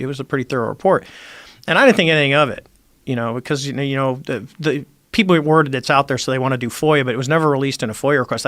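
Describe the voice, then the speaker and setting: A man's voice: mid-range voice, dry recording. A middle-aged man, a former Navy squadron commander, telling stories as a podcast guest and acting out the dialogue. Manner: animated storyteller who acts out quoted dialogue. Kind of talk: casual storytelling interview. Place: podcast studio.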